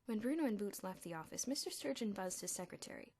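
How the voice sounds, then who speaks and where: A woman reading a children's novel aloud as an audiobook, with an expressive delivery. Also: mid-range voice, quick pace. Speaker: audiobook reader. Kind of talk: audiobook narration.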